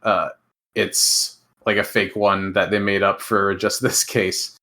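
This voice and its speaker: A man co-hosting a podcast in casual chat, measured and hesitant with dry humor. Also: lowish voice, little pitch movement, pushed and bright. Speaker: podcast co-host.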